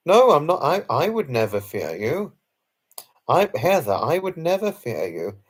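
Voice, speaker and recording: A man's voice: medium pitch, sing-song, unhurried, breathy edge. Earnest man hosting a live chat stream. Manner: effusive, formal phrasing, repeats himself; apologetic and earnest. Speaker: livestream host. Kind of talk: late-night live stream, answering viewer chat.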